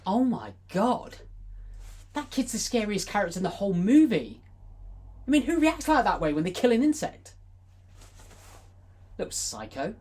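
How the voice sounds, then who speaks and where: Playful woman, lively comic film commentary. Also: mid-range voice, moderate pace, pauses often. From United Kingdom. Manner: playful, exclaiming, ironic. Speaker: film review co-host.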